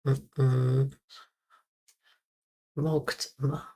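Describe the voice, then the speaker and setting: Practising German pronunciation live, a streamer slowly repeats words over and over, chuckling and sometimes swearing mildly. They speak at a medium pitch in a level, warm tone.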